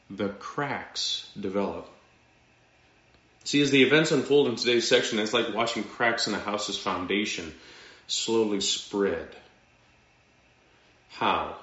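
Man giving a sermon, slow and dramatic, goes quiet for effect, echoey room, muffled lo-fi sound. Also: on the low side. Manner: slow, dramatic delivery with pauses and sudden drops to quiet. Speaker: pastor.

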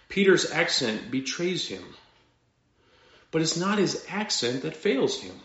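Man giving a sermon, slow and dramatic, goes quiet for effect, echoey room, muffled lo-fi sound. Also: mid-range voice. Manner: slow, dramatic delivery with pauses and sudden drops to quiet. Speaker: pastor.

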